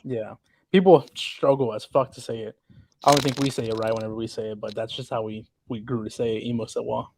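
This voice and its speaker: A man's voice: mid-range voice, fairly even intonation, fairly quick, a little mellow, a little hiss or hum. A young man chatting casually on a podcast about the history of his channel, loose and rambling, swearing freely. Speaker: channel co-founder.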